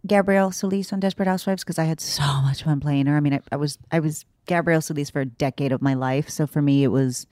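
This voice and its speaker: Low-voiced animated actress chatting. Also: female voice, fast, hardly any pauses, no room sound, studio quality. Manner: animated and laughing. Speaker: actress and director. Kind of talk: casual interview chat.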